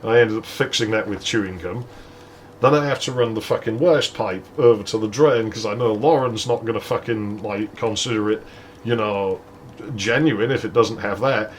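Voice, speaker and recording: A man's voice: fairly low pitch, moderate pace, a little hiss or hum. A man hosting a let's play, telling a story casually with lots of swearing and laughter. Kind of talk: casual gameplay commentary and storytelling.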